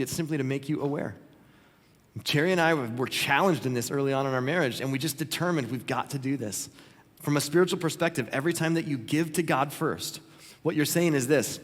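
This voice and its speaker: Earnest pastor preaching in a reverberant hall. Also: male voice, fairly high pitch, brisk. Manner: earnest, conversational, acts out quoted prayers. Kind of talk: sermon. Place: church auditorium. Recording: long reverb of a church hall.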